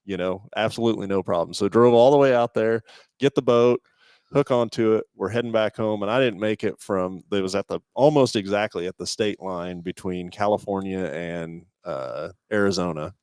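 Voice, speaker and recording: A man with a lowish voice, chatting casually as co-host of a live show. He tells a long folksy story full of restarts. The sound is dry and close. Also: normal speed, darkish tone, smooth, no room sound. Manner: rambling, restarts, folksy road-trip storytelling.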